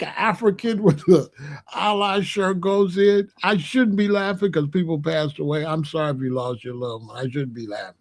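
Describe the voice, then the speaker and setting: A man in his sixties hosting a livestream, chatting casually to his live chat in a slow, repetitive, drawling way. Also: fairly high pitch, creaky. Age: 60s. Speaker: livestream host.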